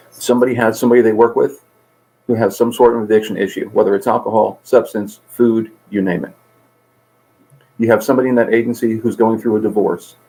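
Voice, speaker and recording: A man's voice: mid-range voice, darkish tone, low-quality recording. A middle-aged man speaking earnestly in an interview, telling stories and voicing the people in them. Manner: earnest, tells stories with voiced characters. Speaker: guest, peer support coordinator. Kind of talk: conversational interview.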